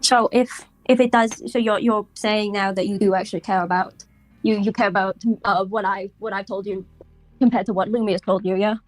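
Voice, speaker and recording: A woman on a group voice call, asking hesitant, halting questions. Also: medium pitch, steady tone.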